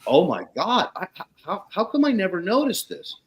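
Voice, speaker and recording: A man voicing an excited woman homeowner, gasping in astonishment. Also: high-pitched, moderate pace, husky, pitched above the performer's own voice, heavily acted. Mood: amazed. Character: excited middle-aged woman homeowner, amazed.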